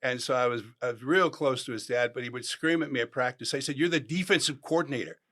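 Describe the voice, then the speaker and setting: A man in his sixties, a former football player, telling animated stories in a podcast interview and acting out the voices of people he quotes. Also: mid-range voice, quick pace, a crowd in the background. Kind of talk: storytelling interview.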